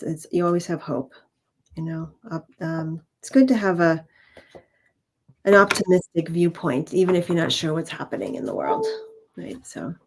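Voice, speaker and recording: This woman co-hosts a spiritual livestream over a video call, reading cards while chatting casually. Her voice sits on the low side, she laughs easily, and her phrases come out halting.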